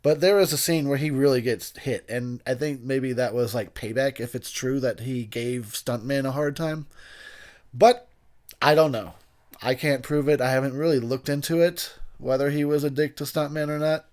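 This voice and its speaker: A tipsy man talks over a movie in a loose, rambling way. He swears freely, laughs a lot and stops mid-sentence when names slip his mind. His voice sits at an ordinary middle pitch. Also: steady tone, normal speed, a little mellow. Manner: rambling, profane, laughs often, loses track of names. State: intoxicated. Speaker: film commentator. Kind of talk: casual movie commentary.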